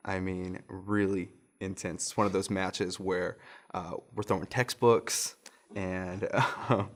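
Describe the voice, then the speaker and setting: A man's voice: sits low, level tone, slow. A young adult man, a pastor, telling a personal story in a casual sermon and often chuckling as he goes.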